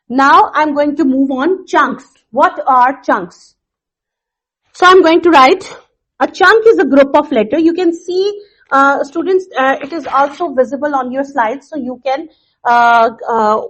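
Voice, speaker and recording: A woman teacher explaining phonics to students in a recorded lesson, repeating points slowly with fillers. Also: high voice, fairly bright tone, low-quality recording. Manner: slow, repetitive explaining with fillers.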